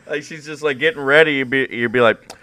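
A man's voice: mid-range voice, fast talker, sharp tone. A man co-hosting a podcast, riffing jokes in casual chat. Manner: riffing, jokey, acts out bits. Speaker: podcast co-host.

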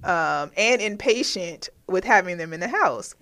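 A woman's voice: on the low side, expressive, a little slow, fairly bright tone. A woman co-hosting a podcast, chatting casually and recounting news stories. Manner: laughs while telling stories, chatty. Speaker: podcast co-host.

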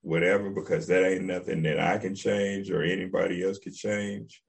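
A man's voice: low-pitched, flat delivery, normal speed, vocal fry. A man co-hosting a podcast in casual, laid-back chat. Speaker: podcast co-host.

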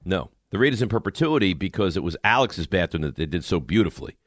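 A man's voice: sits low, fast, no room sound. Guy doing morning radio, wry and worked up telling stories, dry studio mic. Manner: animated storytelling, exasperated and wry. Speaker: radio show host. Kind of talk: casual morning radio banter. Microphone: studio microphone.

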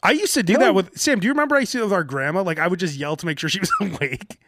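A man co-hosting a casual wrestling podcast who laughs a lot and breaks into loud mock shouts. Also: sits high, lively intonation, very fast, background noise. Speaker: podcast co-host. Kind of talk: casual chat.

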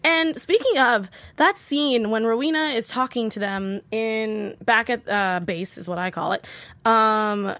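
A woman hosting a casual TV episode recap, chatty and animated, often acting out characters' lines. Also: a little high, unhurried, dry recording. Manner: chatty, peppered with "like". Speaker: host.

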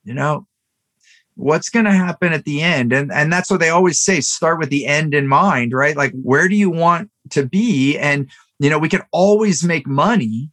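A man's voice: fairly high pitch, moderate pace, fairly bright tone. A middle-aged man hosting a podcast, telling a personal story in an earnest, motivational way with plenty of fillers. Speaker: podcast host. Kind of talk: casual podcast conversation.

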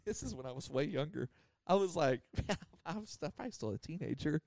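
Man, forties, rambling storyteller, slightly high voice, dry close sound. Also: lively intonation, a little fast, vocal fry, a little mellow, no room sound. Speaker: podcast host. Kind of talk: casual storytelling.

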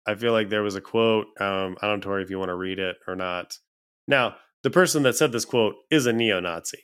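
A man's voice: fairly low pitch, a bit bright, smooth. A man co-hosting a podcast, talking casually with many fillers and restarts and a frustrated tone. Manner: halting, filler-heavy, exasperated. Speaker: podcast co-host.

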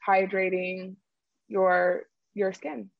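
A woman's voice: medium pitch, level tone, very slow, gravelly, no echo, highs cut off. A woman who founded a skincare brand, explaining her products in an interview with lots of fillers and easy laughs. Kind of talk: conversational interview answers.

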